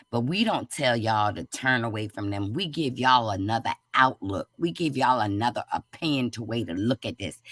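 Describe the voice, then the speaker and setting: A woman's voice: a bass voice, a bit bright, dry recording, studio quality. A woman speaking fervently as a guest on a live stream, repeating her points like testimony. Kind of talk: casual live-stream chat.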